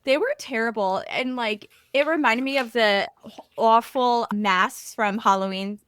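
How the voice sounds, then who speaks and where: A woman co-hosting a podcast in casual chat, expressive and quick to laugh, filling her talk with "like" and "right". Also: fairly high pitch, clean tone, no echo. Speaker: podcast co-host.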